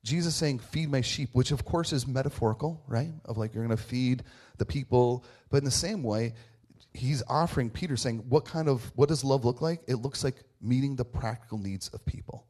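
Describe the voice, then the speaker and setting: Earnest casual preacher man, mid-pitched. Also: moderate pace, a little mellow. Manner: informal, repeats "right?" often, restarts phrases; earnest and personal, tells family stories. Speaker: pastor. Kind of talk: conversational sermon.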